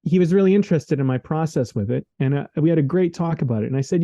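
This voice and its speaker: A slightly high, mellow voice speaks quickly with few pauses, the recording dry and muffled through a remote call microphone. He is a podcast co-host in a casual, reflective conversation, earnest and rambling, constantly using "like" and "man."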